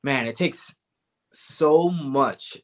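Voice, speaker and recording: A man's voice: medium pitch, drawn-out words. Laid-back young man rambling casually. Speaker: guest fighter. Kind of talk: casual interview talk.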